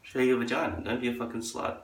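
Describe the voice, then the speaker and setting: A man's voice: fairly even intonation, quick pace. A man delivering a crude, profane, rambling monologue as a vlogger. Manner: crude, profane ranting; acts out others in a high falsetto. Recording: echoey room, far from the mic.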